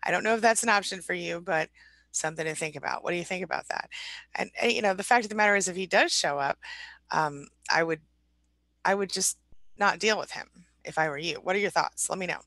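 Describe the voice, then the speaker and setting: Chatty woman coach with a gravelly edge. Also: lowish voice, brisk, dry recording. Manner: warm, chatty, reads out viewer comments. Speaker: relationship recovery coach. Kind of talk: live stream chat, greeting viewers.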